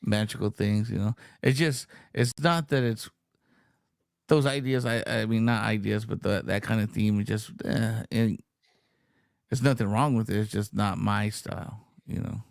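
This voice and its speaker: Gravelly low-voiced man in casual chat. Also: fairly even intonation, normal speed, no room sound, studio quality. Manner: laid-back, hesitant opinions. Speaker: stream guest. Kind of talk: casual chat on a live stream.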